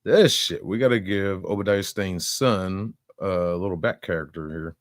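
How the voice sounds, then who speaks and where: Rambling, profane low-voiced man. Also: moderate pace, no room sound, studio quality. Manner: rambling, profane, laughing, with sound-effect fillers. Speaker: reaction streamer. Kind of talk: casual commentary.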